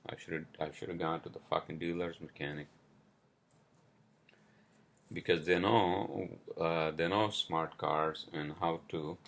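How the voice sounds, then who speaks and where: Male podcast host, gravelly slow voice, furious profane solo rant. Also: rumbling low, fairly bright tone. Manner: angry, profane, halting with many fillers and apologies. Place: New York.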